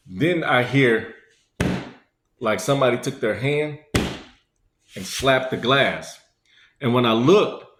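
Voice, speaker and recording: Brief: man, mid-pitched voice, rambling conversational storyteller, roomy echoey recording. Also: a bit bright. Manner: rambling, conversational, many fillers. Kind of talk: casual spoken storytelling. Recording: echoey room.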